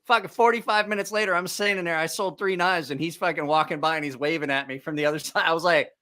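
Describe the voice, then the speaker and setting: A man with a bright, forceful voice hosts a relaxed podcast chat. He tells animated stories and jumps up in pitch whenever he quotes someone. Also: fast. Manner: animated storyteller, jumps pitch when quoting people. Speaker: podcast host.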